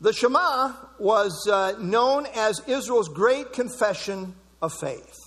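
A male preacher with a high voice delivers an emphatic sermon and repeats key words for stress. His voice rings with a long reverb in a large hall. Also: expressive, slow, fairly bright tone, breathy edge. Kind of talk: expository sermon.

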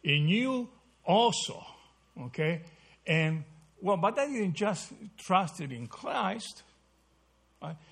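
A man with a slightly husky, somewhat high voice leads a Bible study. He asks his group question after question and keeps checking in with "right?" as he walks them through the verses. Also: very animated, slow pace, pauses often, a bit bright. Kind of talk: interactive Bible study teaching.

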